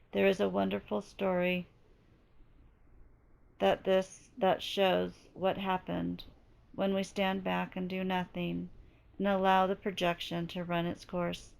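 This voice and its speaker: A woman giving a slow, deliberate spiritual teaching while she is losing her voice. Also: medium pitch, creaky. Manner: slow, deliberate, measured delivery. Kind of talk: slow reflective spoken teaching.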